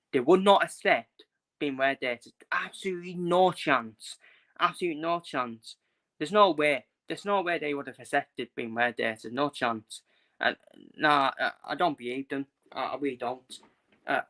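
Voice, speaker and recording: A man's voice: on the high side, bright, forceful tone. A young man ranting casually in his own vlog, frustrated and blunt, repeating himself and swearing. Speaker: football fan vlogger. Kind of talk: casual opinion rant.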